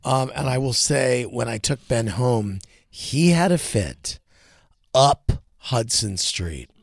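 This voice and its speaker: A man hosting a podcast, chatting casually in a gravelly, creaky voice. His pitch swings widely as he tells animated family stories. The sound is close and dry. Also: slow pace, no echo. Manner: animated storytelling, quoting his son in a higher voice. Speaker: podcast host. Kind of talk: casual chat.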